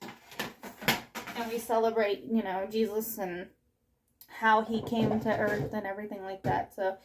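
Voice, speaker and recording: This young vlogger speaks at medium pitch in a level, unhurried tone, with background noise in the clip. Doing chores in her kitchen indoors, she chats casually, rambling breathlessly and interrupting herself in a scatterbrained manner.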